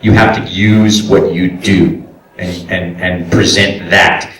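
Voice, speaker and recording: A man and voice actor giving a convention panel talk, animated and acting out quoted directors and clients. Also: deep voice, slow. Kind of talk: casual panel talk with audience questions. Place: convention hall. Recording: echoey hall, voice picked up from far off.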